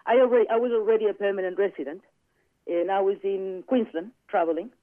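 A man telling a personal story in casual chat, animated and acting out the quoted dialogue. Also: sits high, quick pace, no room sound. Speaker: guest. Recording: tinny phone-line sound, dry.

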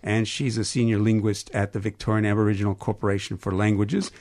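A man's voice: fairly low pitch, flat delivery, darkish tone, no room sound. A man with a Canadian accent, hosting a radio interview from a studio, who often stumbles and restarts. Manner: halting, stumbles over names. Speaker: radio host.

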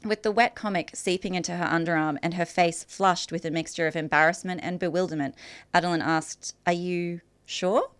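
A woman author reading a passage from her own novel aloud in a measured, clear way. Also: fairly low pitch, steady tone, a bit bright, no echo.

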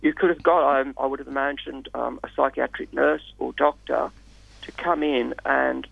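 A man speaking as a radio guest in a measured, hesitant way with many fillers. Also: mid-range voice, steady tone, vocal fry, slightly rough, no echo. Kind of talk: radio interview. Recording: dull lo-fi radio sound, dry.

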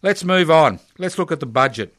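Ranting sarcastic Australian radio host. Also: male voice, on the high side, animated, moderate pace, fairly bright tone, no room sound, clean studio sound. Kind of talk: opinionated talk radio monologue.

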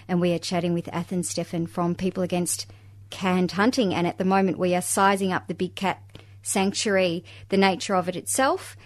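A woman hosting a community radio show, giving station idents and introducing her guest and a song. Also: on the low side. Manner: steady, announcing. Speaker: radio host. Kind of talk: radio presenting.

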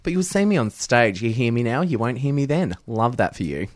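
A man's voice: mid-range voice, lively intonation, brisk, no room sound, clean studio sound. A young man, a performer guesting on a radio interview, upbeat and giggly with many ums and likes.

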